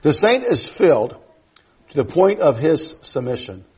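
High-voiced joking preacher, husky tone. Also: male voice, big pitch swings, measured pace, darkish tone. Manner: folksy, joking asides, emphatic. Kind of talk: teaching sermon. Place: church.

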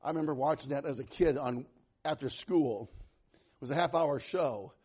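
Male pastor, high husky voice, animated sermon, loud-to-soft swings, folksy humor. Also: moderate pace. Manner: conversational, self-deprecating humor.

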